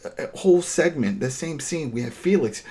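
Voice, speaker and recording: A man co-hosting a podcast, retelling a TV episode in a casual, animated and exasperated way, often restarting his sentences. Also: a little high, normal speed. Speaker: podcast co-host.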